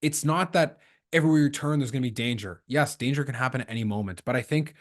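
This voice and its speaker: A man from Canada hosts a casual podcast chat, rattling through his travel stories at a quick clip. He acts out the people he quotes as he goes, and his voice sits at an ordinary middle pitch. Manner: lively storyteller acting out quoted dialogue. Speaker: podcast host.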